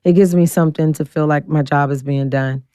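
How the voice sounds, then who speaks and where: A woman in her forties, a guest telling her story bluntly and acting out the quoted voices with big jumps in pitch. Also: fairly even intonation, fairly quick, mellow, clean tone, dry recording, clean studio sound. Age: 40s. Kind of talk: candid storytelling interview.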